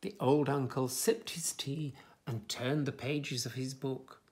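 A man reading a children's picture book aloud as storyteller, gentle and expressive. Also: mid-range voice, slow pace.

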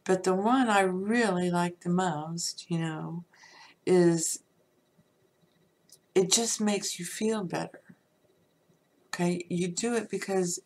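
A woman talks slowly and loosely, teaching spiritual ideas on her podcast. Her voice sits a little low and carries a gravelly fry. She rambles with constant "you know"s and sometimes sinks into a soft near-whisper. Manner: rambling, conversational, frequent "you know" fillers. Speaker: podcast host. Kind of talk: casual spiritual teaching talk.

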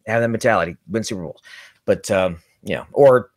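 A man's voice: on the low side, a little fast, no room sound. Sarcastic man, dry close mic. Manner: joking, sarcastic banter. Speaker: co-host. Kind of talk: casual chat.

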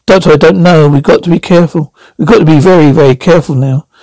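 An eccentric older time traveller, read by a man, urges and coaxes his companions. The voice sits high and is recorded close and dry. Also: quick pace, darkish tone, no room sound, poor audio. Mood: worried. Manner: urgent, coaxing.

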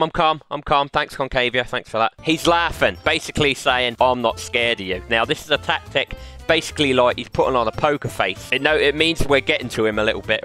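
A young man with a British accent gives joking gameplay commentary, with a slightly high, forceful, bright voice. He banters like a mock teacher, drops into quiet menace, then bursts out loudly. Faint music plays behind him. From United Kingdom. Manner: playful mock-teacher banter, swings between quiet menace and loud outbursts. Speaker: YouTube gamer.

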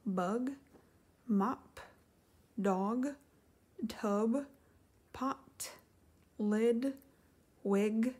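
A woman gently reading a children's storybook aloud and then going through vocabulary words. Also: medium pitch, slightly rough. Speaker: storybook reader and teacher.

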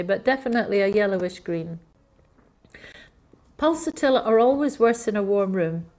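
A woman's voice: medium pitch, a little mellow. Woman lecturing with acted-out coughs. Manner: explanatory, acts out coughs and gasps, uses fillers. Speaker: homeopathy lecturer. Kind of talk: recorded lecture.

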